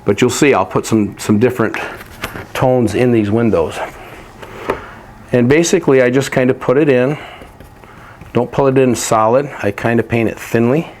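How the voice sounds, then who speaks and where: Man calmly demonstrating an oil painting technique. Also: medium pitch, moderate pace, long pauses, a little hiss or hum. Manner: relaxed, practical, explains while working. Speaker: painting instructor.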